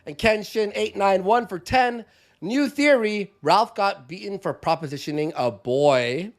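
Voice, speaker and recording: High-voiced man reading stream donations. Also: unhurried. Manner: reads out donation messages with frequent laughs and fillers. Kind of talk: casual livestream chat.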